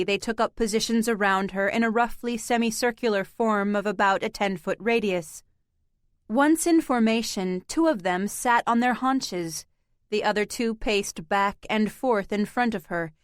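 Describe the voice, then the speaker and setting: A woman narrates an audiobook in a measured, deliberate way. Her voice sits fairly high and she reads at an unhurried pace. The sound is dry and close. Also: smooth, no echo. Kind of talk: scripted narration.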